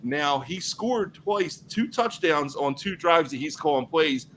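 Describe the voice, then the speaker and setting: Animated man in casual sports chat. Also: on the high side, a little slow, slight background noise, rough recording. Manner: animated, loose, lots of fillers. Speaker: podcast co-host.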